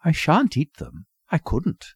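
A man's voice: a little high, huge pitch swings, measured pace, creaky, husky, no room sound, pitched above the performer's own voice, heavily acted. A man voicing a disdainful, bored seventeen-year-old girl in a storybook reading, languid and scornful.

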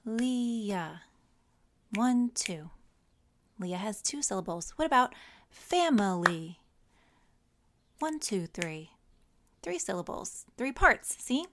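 A woman narrating a children's story and teaching syllables in a gentle, teacherly way. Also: medium pitch, sing-song, slow, pauses often, a little hiss or hum.

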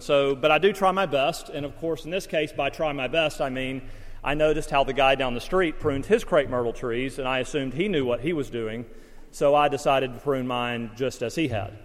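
A man's voice: mid-range voice, long reverb tail. A man preaching a sermon as pastor, mixing folksy stories and self-deprecating humor with Bible teaching.

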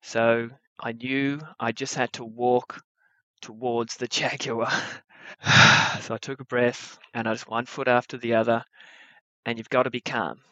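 A man's voice: mid-range voice, a little slow, no room sound, dull audio. Wry young man telling a story. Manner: wry, animated storytelling with comic timing. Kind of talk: live story-slam storytelling.

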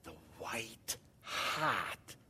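A man imitating an intense, passionate preacher, speaking low, breathy and fervent. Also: drawn-out words, full character voice. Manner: breathy hushed fervor.

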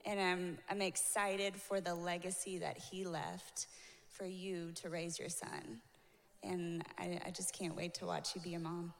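A woman's voice: fairly low pitch, flat delivery, a little slow, vocal fry. A woman hosting a church event, thanking and introducing speakers in a friendly, upbeat way. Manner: friendly, upbeat, laughs lightly. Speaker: event host. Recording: long hall reverb.

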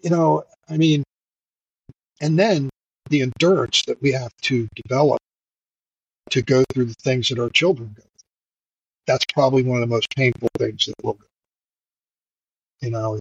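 A man's voice: mid-range voice, vocal fry, husky, no echo, muffled recording. A middle-aged man, a firefighter, telling a raw story in an interview, profane and emotional, rambling with many fillers. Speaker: firefighter and podcast guest.

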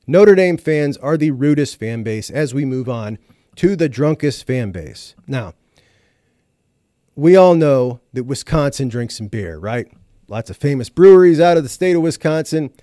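A man's voice: mid-range voice, a little mellow, no echo, studio quality. A middle-aged man from Ohio, hosting a show and giving fired-up, opinionated commentary with frequent swearing. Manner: emphatic, ranting, swears freely. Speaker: podcast host.

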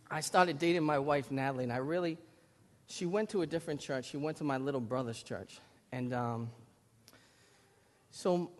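A man in his thirties with a Lynn, Massachusetts accent, preaching a sermon and telling stories animatedly, getting loud at times. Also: medium pitch. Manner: animated storytelling, rising to loud bursts. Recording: long hall reverb.

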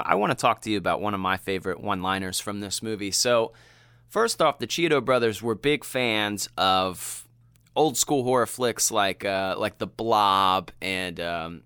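A man co-hosting a casual movie chat, animated and quick to act out quotes. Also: smooth, no echo, studio quality. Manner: animated, laughing, acts out quotes in a high voice. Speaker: podcast co-host.

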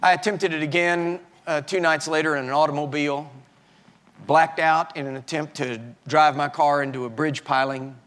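Male pastor, older, higher-pitched, personal testimony sermon that builds loud and then drops low. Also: fairly even intonation. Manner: swings from shouting fury to quiet, halting confession.

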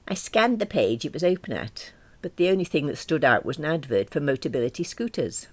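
A woman's voice: deep voice, expressive, brisk, few pauses, a little mellow. A woman narrating a first-person story audiobook in a wry, self-deprecating manner.

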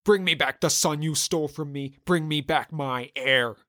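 A man voicing an old, wrathful Norse king who speaks in slow, menacing pronouncements. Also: a little high, pushed and bright, no echo, studio quality. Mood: raging.

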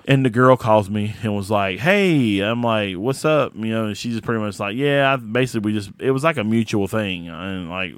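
A man's voice: low-pitched, clean tone, no room sound. A man, co-hosting a podcast and retelling a personal story in a rambling, emotional way with many fillers. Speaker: podcast co-host. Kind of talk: casual storytelling chat.

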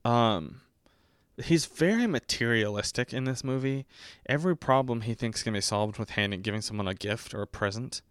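A man in his twenties chatting casually about a movie, rambling and self-mocking, often breaking into squeaky high put-on voices. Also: moderate pace, a bit bright, clear, resonant tone, no room sound, studio quality. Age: 20s. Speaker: podcast host reviewing a movie.

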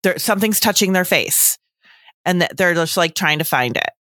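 A bright, clear woman's voice talks casually as a podcast co-host, chatty and animated and full of "like" and "you know". The sound is dry and close to the mic, with no room around it. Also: lowish voice, moderate pace, no room sound. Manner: chatty, animated, lots of fillers.

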